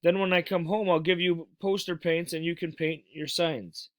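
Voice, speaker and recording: A man voicing an eager, excitable young boy who exclaims breathlessly, in a storybook read-aloud. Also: fairly high pitch, normal speed, no echo, natural voice. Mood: earnest.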